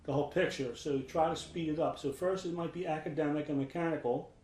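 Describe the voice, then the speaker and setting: A man giving a guitar lesson in a casual instructional way, relaxed and thinking aloud with restarts. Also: on the high side, fast, slight background noise. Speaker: guitar teacher. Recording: roomy sound with loud guitar. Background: guitar playing.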